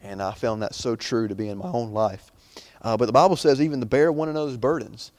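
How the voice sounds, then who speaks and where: A man's voice: medium pitch, brisk, a little mellow, no room sound. A young man preaching an informal sermon in a chatty, rambling way, full of fillers and restarts.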